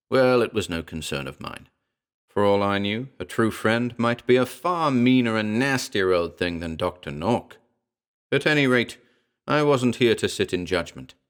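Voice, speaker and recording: A man reading a horror story aloud in a measured, dramatic storytelling manner. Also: fairly low pitch, smooth. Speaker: audiobook narrator. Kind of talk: scripted horror fiction reading.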